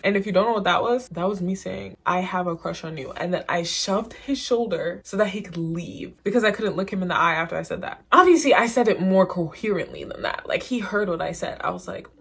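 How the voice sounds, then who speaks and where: A woman's voice: lowish voice, brisk, creaky, few pauses, a bit bright, slightly rough. A young woman in college telling a crush story to camera in a casual vlog, giggling and acting out her own lines. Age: young adult. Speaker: vlogger.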